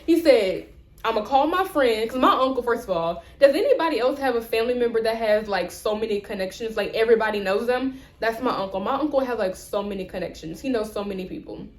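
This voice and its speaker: A woman's voice: fairly high pitch, fast talker, roomy sound. A young woman vlogger telling a rant-style story, acting out the people in it. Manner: animated, acts out both sides of conversations.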